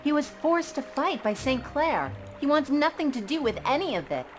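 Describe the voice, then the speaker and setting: A woman's voice: high-pitched, very animated, normal speed. An actress playing a determined young woman in a video game, firm and defiant. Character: determined young woman searching for her father. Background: game music.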